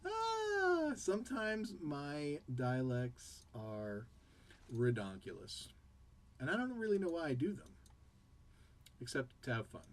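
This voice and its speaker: A man's voice: a little high, big pitch swings, measured pace. A man hosting a casual game commentary show, chatting in a rambling way and jumping between tangents and play-by-play. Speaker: game caster and show host.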